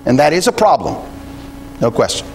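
A man's voice: fairly high pitch, very animated, moderate pace, creaky, slight background noise. A man preaching a sermon in a conversational way, thinking aloud with frequent restarts and quoting scripture. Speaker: pastor.

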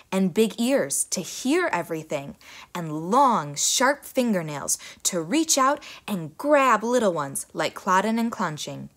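Young woman reading a kids story, voice swings up and down a lot. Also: lowish voice. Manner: expressive, animated reading. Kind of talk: children's story read aloud.

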